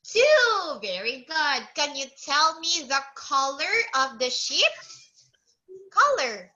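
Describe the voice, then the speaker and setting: A woman teaching a small child in a high, lively, sing-song voice. She talks very slowly, with exaggerated coaxing phrasing. Her tone is sharp and bright. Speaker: English teacher for a young child. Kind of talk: online kids' English lesson.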